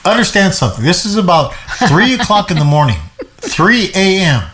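A man co-hosting a show, teaching and explaining a Bible passage in a lively way, often repeating himself and laughing. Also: high-pitched, moderate pace, noisy background.

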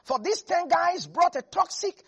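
A preacher giving an animated sermon, repeating lines for emphasis and laughing often. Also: very high voice, normal speed. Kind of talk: lively sermon.

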